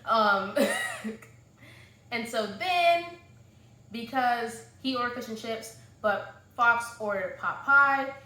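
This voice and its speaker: A woman's voice: on the high side, slow, sharp tone. A woman with a Southern US accent chatting casually as she sums up a book, rambling with lots of fillers. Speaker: book vlogger. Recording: echoey room.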